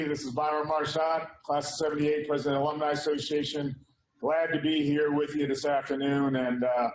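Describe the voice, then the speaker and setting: A man in his sixties gives a chatty, upbeat welcome, with plenty of ums and restarts. His voice sits a little high for a man. The room rings with echo, and a faint hum of ambience sits underneath. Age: 60s. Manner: upbeat, chatty, with frequent fillers. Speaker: alumni association president. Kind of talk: casual welcome address. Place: indoor hall.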